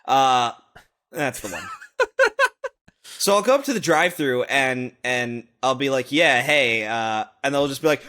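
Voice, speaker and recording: Bright-voiced laughing podcast co-host man. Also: mid-range voice, lively intonation, a little slow. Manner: rambling, laughing, profane. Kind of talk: casual comedic chat.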